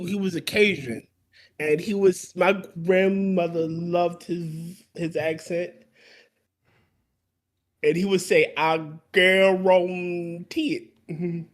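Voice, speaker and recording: A man in casual podcast chat who stumbles and restarts as he talks. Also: sits high.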